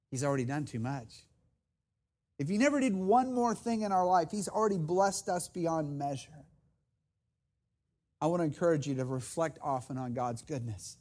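Brief: middle-aged male pastor, high voice, impassioned sermon, rising repeated calls. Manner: impassioned, builds to loud emphatic repetition; earnest, personal storytelling with restarts.

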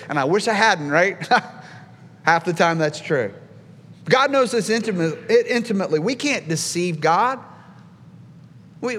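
A male pastor preaching a sermon with emphatic delivery, dropping low and soft, then rising to loud exclaims. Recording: long hall reverb.

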